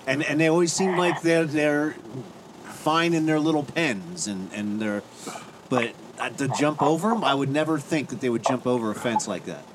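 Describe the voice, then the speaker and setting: A man's voice: mid-range voice, normal speed, noisy background. A man from Pennsylvania co-hosting a casual chat, easygoing and curious, asking questions. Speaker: co-host.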